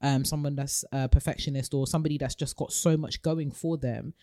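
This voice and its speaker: A woman's voice: rumbling low, steady tone, brisk, mellow, dry recording, clean studio sound. A woman co-hosting a podcast, talking earnestly and encouragingly in casual chat. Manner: earnest, encouraging, laughs often. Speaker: podcast co-host.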